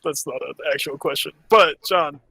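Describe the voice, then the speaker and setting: A man's voice: a little high, moderate pace, vocal fry, bright, forceful tone, breathy edge, no room sound. A man playing in a tabletop game, wry and a little hesitant as he talks. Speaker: player. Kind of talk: tabletop role-play chat.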